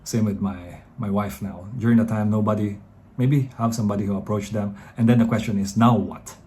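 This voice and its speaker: A man's voice: fairly low pitch, steady tone, brisk, mellow. A man in his thirties with a Filipino English accent, chatting rambly dating advice straight to viewers. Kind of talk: casual advice talk to camera.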